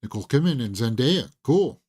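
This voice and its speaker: A man's voice: mid-range voice, lively intonation, fairly quick, darkish tone, husky. A man who is losing his voice, hosting a casual movie talk stream, rambling with lots of fillers and chuckles. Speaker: host of a movie talk channel. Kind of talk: casual live-stream chat.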